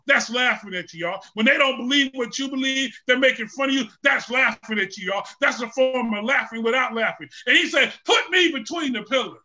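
A man preaching a sermon in call-and-response style, with the congregation answering, building from speaking to shouted, fervent preaching. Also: very high-pitched, fairly quick, few pauses, muffled recording.

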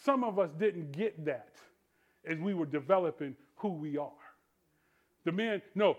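A male pastor preaching a sermon in church, calling out to the congregation and swinging between hushed tender asides and shouted refrains. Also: a little high, animated, unhurried, highs cut off. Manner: preaching with call-and-response, rising to shouts; drops to soft tender voice for quoted lines.

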